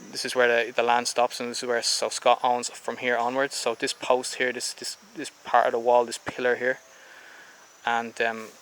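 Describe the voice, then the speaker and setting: Walking through and around a house for sale on a tropical island, an Irish vlogger gives a casual tour, rambling a little with ums and restarts. His voice is mid-range and a bit bright, captured on a rough recording with slight background noise.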